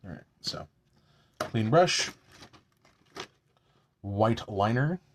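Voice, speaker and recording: A man's voice: fairly low pitch, lively intonation, drawn-out words, slight background noise. A man chatting casually at home while doing his makeup on a live stream, joking about himself and swearing now and then.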